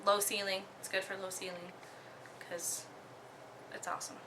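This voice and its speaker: A young woman from Oklahoma casually talking through her disc golf bag, relaxed, with many ums and the odd giggle. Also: mid-range voice, normal speed, background noise. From Oklahoma, USA. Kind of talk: casual show-and-tell.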